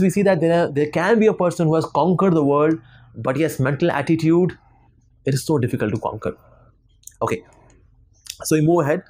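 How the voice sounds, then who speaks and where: A spiritual lecturer with an Indian English accent gives a devotional lecture to students, telling stories with acted-out quotes and many fillers. His voice is medium-pitched with a darkish tone.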